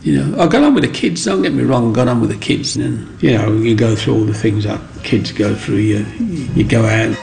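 A man's voice: mid-range voice, moderate pace, gravelly, hardly any pauses, darkish tone, faint music behind, low-quality recording. A man, earnestly recalling his childhood in a rambling, heartfelt way. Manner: rambling, earnest, with frequent asides. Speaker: interviewee. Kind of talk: reflective storytelling.

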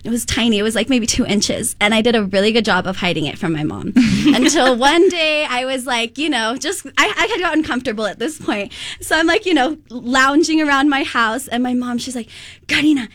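A woman hosts a relaxed group conversation, her voice sitting high. She tells stories in a lively way, laughing often. The sound is close and dry. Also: a little fast, no room sound. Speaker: host.

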